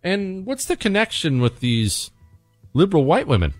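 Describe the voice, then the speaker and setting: Brash, animated male radio host. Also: moderate pace, no room sound, clean studio sound, faint music behind. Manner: brash, mocking, swings pitch wildly for effect. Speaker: radio talk show host. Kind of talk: opinionated call-in radio talk.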